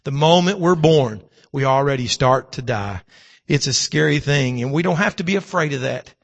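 A middle-aged man preaching a sermon with a hoarse voice, swinging between fervent preaching and quiet storytelling. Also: medium pitch, normal speed, dull audio. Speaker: pastor. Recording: long hall reverb.

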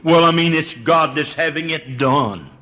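An older man preaches a sermon at a measured pace. He moves between a low hush and high, impassioned cries, repeating words and stumbling through restarts.

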